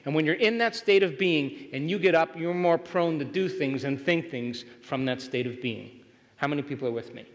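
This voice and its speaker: A man's voice: a little high, moderate pace. A man giving a motivational workshop lecture to a live audience, speaking emphatically and often asking whether the listeners are still with him. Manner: emphatic, keeps checking in with the audience. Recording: long hall reverb.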